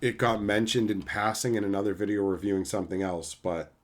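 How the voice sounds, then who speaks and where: A man's voice: fairly low pitch, flat delivery, a little fast. A man casually reading live chat on a stream and teasing his chatters in a playful, mock-insulting way.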